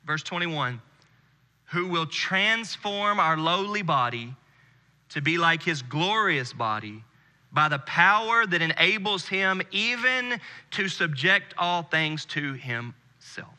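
A man in his thirties from the United States preaching a sermon with earnest intensity, dropping to a hush on key phrases. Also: on the high side, big pitch swings, slow pace. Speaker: pastor. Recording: long hall reverb.

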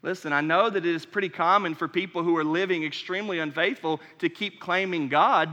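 Male pastor, sermon, bright forceful voice, repeats phrases, long church reverb. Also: on the high side, a little fast, few pauses. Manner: preaching with rising intensity, repeating phrases for emphasis.

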